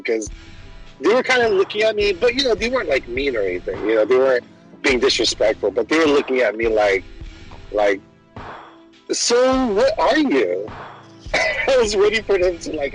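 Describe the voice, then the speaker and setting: A man's voice: mid-range voice, a little fast, faint music behind, low-quality recording. Laughing young man telling a story. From Filipino American. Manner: animated storytelling, laughing often, acting out voices. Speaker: podcast host. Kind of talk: casual chat.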